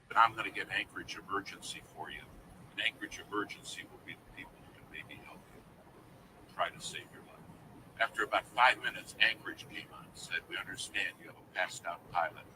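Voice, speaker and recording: A man's voice: deep voice, recorded from a distance, background noise. A man preaching a sermon through a dramatic personal story, dropping to a near whisper at the tense moments.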